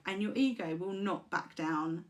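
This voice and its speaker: A woman life coach talking casually, chatty and animated, acting out examples in little voices. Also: lowish voice, measured pace.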